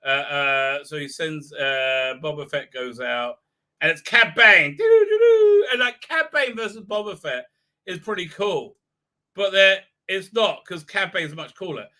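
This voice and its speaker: Bright-voiced man rambling mockingly. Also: fairly high pitch, a little slow. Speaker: show host. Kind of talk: live stream commentary.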